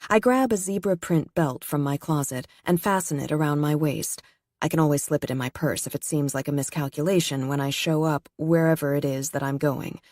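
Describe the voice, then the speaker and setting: A woman narrating a first-person audiobook in a measured, steady reading voice. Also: sits low, no room sound, studio quality.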